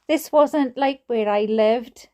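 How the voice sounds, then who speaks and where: A woman's voice: a little high, slow, mellow. A Welsh woman reading a book aloud and breaking off for chatty, giggly asides about her own memories. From Wales. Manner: giggly, often breaks into laughter. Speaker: reader and streamer.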